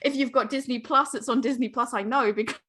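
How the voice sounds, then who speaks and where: An American woman from New England, co-hosting a podcast, telling stories in a laughing, animated way with the odd swear word. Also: fairly high pitch, fast talker, a little hiss or hum. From New England, USA. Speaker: podcast co-host. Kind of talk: casual chat.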